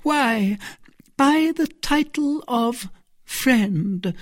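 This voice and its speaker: A reader voicing a cunning, deceitful noblewoman in a storybook reading, with a raised, expressive character voice. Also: medium pitch, unhurried, dry recording, studio quality, pitched above the performer's own voice. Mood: stammering.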